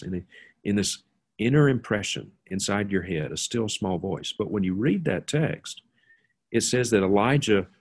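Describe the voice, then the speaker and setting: A man's voice: deep voice, husky. A man explaining a Bible passage in an informal, conversational way, with asides and restarts. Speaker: guest teacher.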